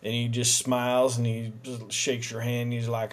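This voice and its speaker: A man telling a rambling comic monologue in a deadpan way, acting out both sides with sudden shouts. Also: medium pitch, moderate pace. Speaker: comedic monologue performer.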